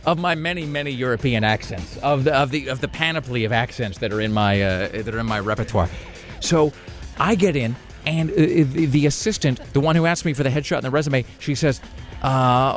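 A man's voice: medium pitch, animated, fast talker, soft background music. A man, a radio show host, telling a long self-mocking story in casual chat, rambling with comic asides.

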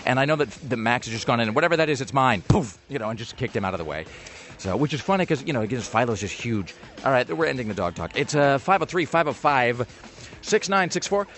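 A man's voice: mid-range voice, sing-song, fast, a bit bright. A man hosting a radio show, chatting casually in a rambling, jokey and self-mocking way.

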